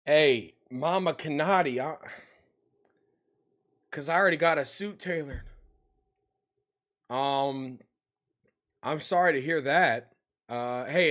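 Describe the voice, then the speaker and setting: Slow, chatty male streamer. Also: fairly high pitch, a bit bright. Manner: loose and chatty, slangy, often trailing off. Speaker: livestreamer. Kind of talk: casual live-stream chat with viewers.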